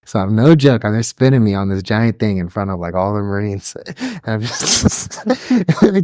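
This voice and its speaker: A man's voice: fairly low pitch, sing-song, normal speed, no room sound, studio quality. Laughing, swearing man telling service stories. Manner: rambling storyteller, swears a lot, laughs often, mimics yelling drill instructors. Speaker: podcast co-host. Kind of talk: casual chat.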